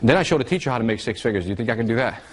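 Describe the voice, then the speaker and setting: A man giving a live marketing seminar, animated and teasing, drawing call-and-response from his audience. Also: medium pitch, racing.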